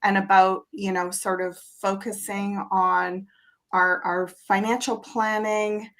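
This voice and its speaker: A woman's voice: medium pitch, little pitch movement, slow pace, a bit bright. A middle-aged woman co-hosting a casual spiritual chat show, enthusiastic and rambling with fillers. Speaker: co-host and reader.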